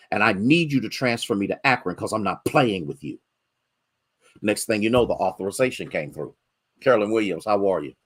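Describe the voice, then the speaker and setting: Animated preaching man, pastor. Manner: preaching with rising, drawn-out exhortations and greetings to congregants; drops into low, quick storytelling. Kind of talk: sermon. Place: church sanctuary.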